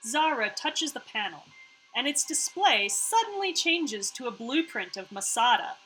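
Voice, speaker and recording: Bright, playful woman streamer. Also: fairly high pitch, measured pace, soft background music, poor audio. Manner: playful, chatty, reacts with excitement. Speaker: streamer reading a visual novel game. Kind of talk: reading a story game aloud with casual commentary.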